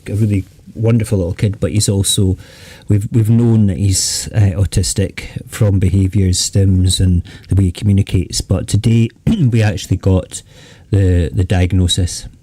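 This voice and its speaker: A man's voice: lowish voice, warm tone, breathy edge, no echo. A Scottish man hosting a late-night live chat stream, rambling and jokey, often trailing off and restarting.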